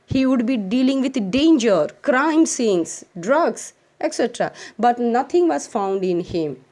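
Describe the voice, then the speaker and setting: A woman's voice: fairly high pitch, expressive, a little slow, darkish tone. A woman teacher with an Indian English accent who reads a textbook chapter aloud and explains it to children, repeating phrases and defining words as she goes.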